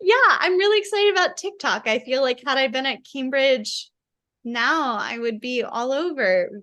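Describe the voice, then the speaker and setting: Reflective woman guest, high voice. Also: expressive, normal speed, pushed and bright. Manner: reflective, laughs often, many "like" fillers. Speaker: guest author. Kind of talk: casual conversation.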